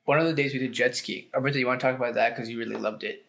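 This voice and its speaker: A man's voice: medium pitch, fairly even intonation, rapid-fire, vocal fry, a bit bright. A young adult man, a podcast co-host, chatting loosely and rambling, with casual swearing. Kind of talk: casual chat.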